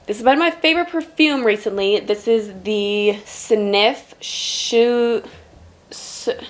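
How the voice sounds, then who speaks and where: A woman's voice: on the high side, unhurried. A woman in her twenties chatting casually to camera in her bedroom while doing skincare and makeup. She fills her talk with lots of "like". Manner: chatty, filler-heavy, lots of "like". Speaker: vlogger. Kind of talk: casual vlog chat. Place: bedroom at home, indoors.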